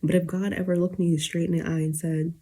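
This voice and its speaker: A young woman in her twenties talks straight to her viewers in a loose, rambling late-night rant, full of fillers and restarts. She is close to tears and keeps fighting to hold it together. Her voice is mellow and a little husky. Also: fairly low pitch, flat delivery, brisk. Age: 20s. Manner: emotional, on the verge of tears, rambling with many fillers. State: teary, holding back tears. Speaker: YouTuber.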